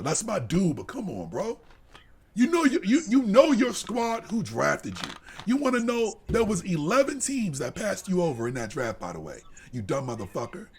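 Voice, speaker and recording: A man co-hosting a live sports podcast, delivering a heated, profane rant that drops to low mutters and climbs to shouts. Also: husky. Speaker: podcast co-host.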